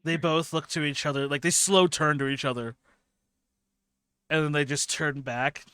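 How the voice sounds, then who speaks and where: A man's voice: a little high, fairly even intonation, normal speed, pushed and bright, smooth, dry recording. A man running a tabletop role-playing game, describing the scene in detail with many fillers and restarts. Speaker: game master.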